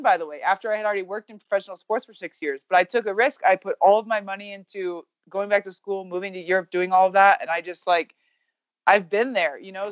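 A woman in her thirties speaks with blunt, fast-moving energy and casual swearing, a guest in an open conversation. Her voice sits at a middle pitch. The sound is dry and a little dull, as on a lo-fi recording. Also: dry recording. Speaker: guest, baseball coach. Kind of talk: candid podcast conversation.

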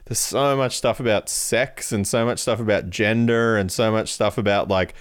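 Smooth low-voiced man, rambling guest. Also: fairly even intonation, normal speed, no echo, clean studio sound. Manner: rambling, laughs between answers. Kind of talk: casual podcast chat.

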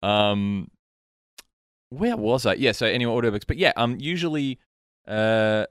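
A man hosting a casual podcast chat, rambling and animated, his voice sometimes trailing off into mutters. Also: medium pitch, measured pace, clean tone, dry recording, studio quality. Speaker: podcast host. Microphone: studio mic.

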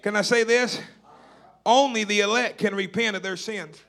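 Preacher, very high and bright voice, emphatic and repetitive. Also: male voice, fairly even intonation, normal speed, vocal fry. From Tennessee. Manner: emphatic, repetitive calls to the congregation. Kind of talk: sermon. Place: church or camp meeting hall.

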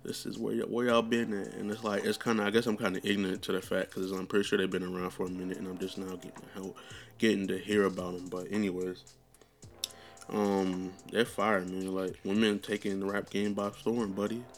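A man's voice: low-pitched, level tone, fairly quick. A young man hosting a podcast, chatting casually in a rambling, profane way with lots of fillers. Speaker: podcast host. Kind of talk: casual chat.

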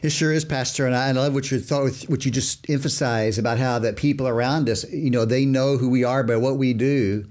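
A man's voice: mid-range voice, fairly even intonation, a little fast, hardly any pauses, a little mellow. A man discussing Scripture with a pastor. He talks emphatically, illustrates with everyday examples and repeats words as he goes. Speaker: co-host. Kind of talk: conversational Bible discussion.

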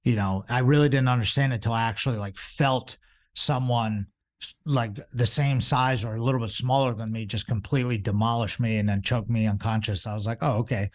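In a mid-range voice with fairly even intonation, a jiu-jitsu instructor in his forties spins casual stories at a fairly quick clip. The telling wanders, with frequent fillers and restarts.

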